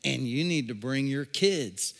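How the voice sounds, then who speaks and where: Emphatic preacher in a reverberant church. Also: male voice, medium pitch, animated, measured pace, vocal fry, fairly bright tone. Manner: emphatic preaching with repetitions and rising intensity. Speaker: pastor. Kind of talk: sermon. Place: church sanctuary. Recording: long hall reverb.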